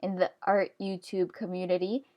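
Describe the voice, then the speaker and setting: This young art YouTuber draws while rambling casually, self-mocking and chatty, laughing often along the way. Her lowish, slightly mellow voice has a flat delivery at a moderate pace, recorded as a voice-over on a computer screen recording.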